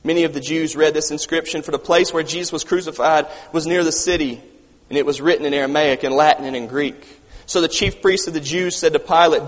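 A man's voice: on the high side, fairly even intonation, fairly quick. Impassioned preacher man in a reverberant hall. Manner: impassioned, shifts between loud urgency and quiet emphasis. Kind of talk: sermon reading scripture with commentary.

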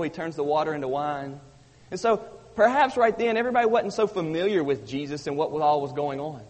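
Male pastor, mid-high voice, emphatic repetitive sermon delivery, long hall reverb. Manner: emphatic preaching with heavy repetition.

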